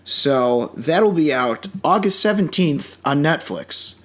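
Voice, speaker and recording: A man's voice: fairly high pitch, expressive, slow pace, fairly bright tone. A man co-hosting a podcast, talking casually and enthusiastically with frequent restarts and asides. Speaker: podcast co-host. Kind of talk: casual chat.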